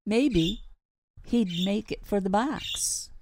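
A woman's voice: mid-range voice, very slow, background noise, voice pushed up. A woman voicing a young boy who hesitantly plans a trade. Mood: scheming. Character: young boy, quietly scheming.

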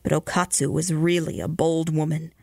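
Low-voiced woman reading ghost stories. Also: level tone, vocal fry, dry recording, studio quality. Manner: measured, slows and hushes for eerie moments. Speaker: radio host reading stories. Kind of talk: storytelling reading aloud.

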